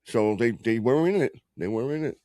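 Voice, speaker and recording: A man's voice: mid-range voice, animated, moderate pace, dark tone, dry recording, studio quality. A man co-hosting a sports podcast, chatting loosely with lots of swearing and jokey stories. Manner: loose, swearing, joking storyteller. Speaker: podcast co-host. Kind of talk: casual sports banter.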